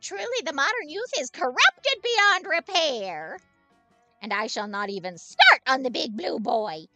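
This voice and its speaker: A woman's voice: sits high, big pitch swings, a little slow, pushed and bright, dry recording, faint music behind, pitched above the performer's own voice, full character voice. A woman voicing a grandiose, archaic old witch who eats children, in a game playthrough. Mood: haughty. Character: cackling old female child-eating witch.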